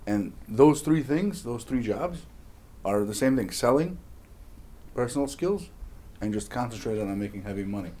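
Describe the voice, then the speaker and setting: A man co-hosting a casual chat, relaxed and repeating words as he thinks aloud. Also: mid-range voice, moderate pace.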